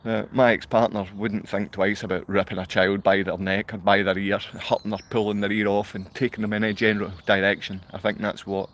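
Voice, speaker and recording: A man's voice: fairly low pitch, a bit bright. A middle-aged man with a Glaswegian accent, hosting a rambling, emotional livestream monologue and often laughing. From Scotland. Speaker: livestream host. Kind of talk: rambling live-stream monologue.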